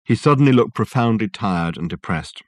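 Low-voiced man narrating a novel. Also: expressive, moderate pace, no room sound, studio quality. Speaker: audiobook narrator. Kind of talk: scripted narration.

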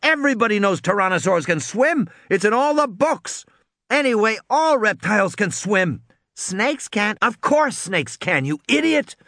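A man's voice: high voice, very animated, a little slow, bright, forceful tone, no echo, studio quality, pitched above the performer's own voice, full character voice. A man reading a story aloud and voicing a bratty young girl who whines, squeals and taunts. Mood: snippy.

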